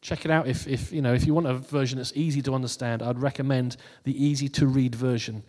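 A man moves at a quick pace through a chatty, casual New Year sermon, laughing at his own quips before reading scripture aloud. His voice is at an ordinary middle pitch, and each phrase is trailed by a long reverb.

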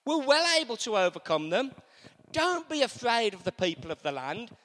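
A man's voice: high-pitched, big pitch swings, moderate pace, sharp tone, in a large hall. A man preaching a sermon in a church, leading the congregation in call-and-response and repeating key lines.

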